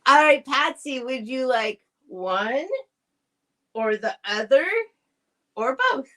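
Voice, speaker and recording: A woman's voice: on the high side, slow, fairly bright tone. A woman hosting a live stream from a home setup. She chats casually and directly to viewers, rambling and restarting her sentences. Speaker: host selling vintage items on a live stream. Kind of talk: casual live sale chat.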